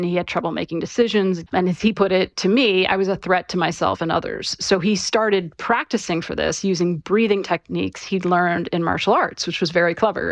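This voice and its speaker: A woman who is an author, giving conversational interview answers and explaining things clearly, with casual fillers. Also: lowish voice, no room sound. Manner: conversational, clear, with frequent fillers like "you know" and "right".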